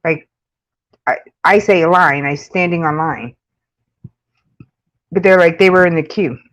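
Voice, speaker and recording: A woman's voice: lowish voice, unhurried. A woman with a New York accent chatting casually with live-stream viewers, rambling with lots of fillers and frequent laughs. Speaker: makeup channel host.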